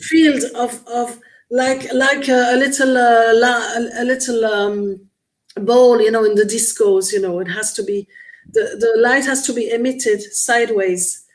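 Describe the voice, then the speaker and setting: A woman's voice: a little high, steady tone, measured pace, low-quality recording. A woman guest in a conversational interview, explaining earnestly while searching for words with frequent restarts. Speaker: guest experiencer.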